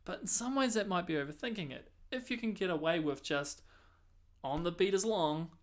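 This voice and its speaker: A man's voice: high voice, moderate pace, a little hiss or hum. A man giving a music lesson as a saxophone teacher, explaining patiently and counting and singing rhythms aloud.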